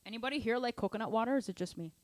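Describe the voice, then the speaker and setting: A woman's voice: on the high side, racing, no room sound. A woman teaching a live online drum lesson, explaining exercises and counting beats aloud over her playing. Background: drum kit playing.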